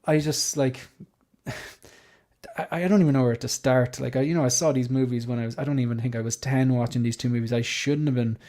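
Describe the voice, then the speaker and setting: A man's voice: mid-range voice, fairly even intonation, fairly quick, dark tone. Rambling, enthusiastic male guest. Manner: rambling, many fillers, enthusiastic storyteller. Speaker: guest collector. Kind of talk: casual interview chat.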